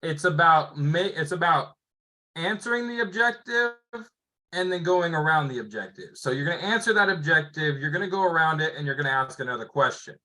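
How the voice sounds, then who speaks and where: Bright, upbeat salesman-trainer man. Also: on the high side, fairly quick, rough recording. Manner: energetic, upbeat salesy talk. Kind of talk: sales role-play coaching.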